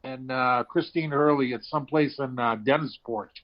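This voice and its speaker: A man in his sixties, a comedian guest on a podcast, chatting casually and telling jokes with deadpan punchlines. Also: medium pitch, moderate pace. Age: 60s. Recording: slightly dull lo-fi sound.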